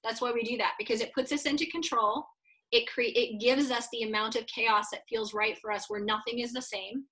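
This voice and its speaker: A woman's voice: a little high, steady tone, fairly quick, a bit bright, rough recording. A woman guest on a podcast interview, a coach for real estate agents, explaining her ideas in a confident teaching tone.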